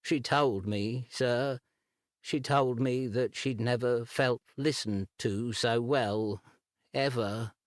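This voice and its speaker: A man's voice: medium pitch, no echo, clean studio sound, lightly acted. A man voicing a timid, grief-stricken young man who halts and stammers. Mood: wistful. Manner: slow, halting, stammering.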